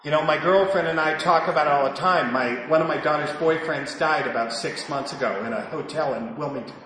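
A man giving a confessional recovery testimony, acting out his own shouting and hushed prayers as he tells it. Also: fairly high pitch, a little fast. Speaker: recovery speaker. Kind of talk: personal testimony talk. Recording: very echoey hall with faint noise.

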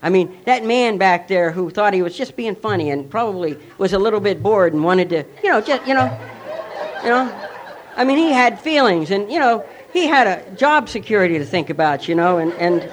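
A man's voice: high voice, animated, moderate pace. A man sharing a personal recovery story with a candid, self-mocking manner. He rambles, using many fillers and restarts.

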